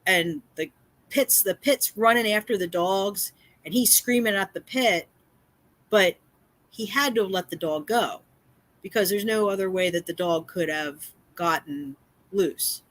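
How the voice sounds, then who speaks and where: A woman speaking live to her chat, upset and shaken as she tells her story. She lands on her points by repeating them, and her sentences are broken up with fillers and restarts. Her voice sits at a middling pitch. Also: unhurried, a bit bright, no echo. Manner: emphatic, repeats phrases, many fillers and restarts. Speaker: livestream host and community cat caretaker.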